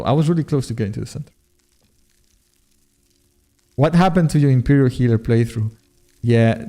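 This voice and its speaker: This streamer and modpack creator chats casually with viewers during a live gameplay stream, swearing often and laughing at his own expense. His voice is medium-pitched, creaky, and mellow.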